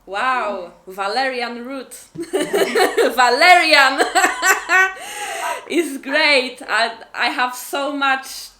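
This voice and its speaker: A woman's voice: on the high side, bright, forceful tone, echoey room, a little hiss or hum. A woman hosting an interview, gushing with thanks and stumbling over repeated words. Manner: effusive, grateful, stumbling repeats. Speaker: interview host. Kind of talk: casual interview.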